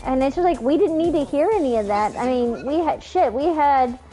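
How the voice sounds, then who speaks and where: Young woman w/ a high voice, chatting and cursing while racing, game music going behind her. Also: brisk. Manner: animated storyteller, swears freely. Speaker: gamer co-streamer. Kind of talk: casual chat while gaming.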